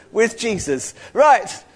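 A man leading a playful, interactive sermon, joking with the congregation and calling out to them loudly. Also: very high-pitched, husky. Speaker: church speaker.

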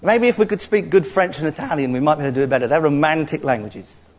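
A man preaching a sermon in an animated, playful way, acting out little dialogues as he teaches. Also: on the high side, fast talker.

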